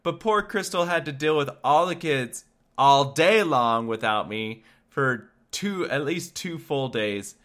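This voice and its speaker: A man's voice: medium pitch, expressive, slow, fairly bright tone. A man in his thirties co-hosting a casual chat, adding playful jokes and asides. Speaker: podcast co-host.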